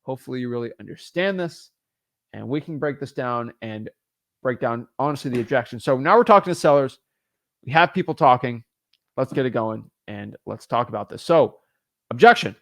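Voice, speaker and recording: A man teaching real estate wholesaling in an energetic, animated way, often restarting and repeating words as he talks. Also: mid-range voice, moderate pace, vocal fry, dry recording, clean studio sound. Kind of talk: energetic teaching with phone role-play. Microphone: studio microphone.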